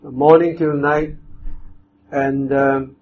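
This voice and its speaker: A man preaching a sermon, speaking in a measured, emphatic way with pauses and fillers. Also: medium pitch, level tone, a little hiss or hum. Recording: dull lo-fi with faint ambience.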